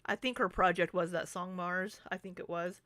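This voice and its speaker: A woman's voice: on the low side, fairly even intonation, moderate pace, fairly bright tone, dry recording. A young adult woman talking through drama in a casual, rambling vlog, full of ums and asides. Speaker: commentary YouTuber.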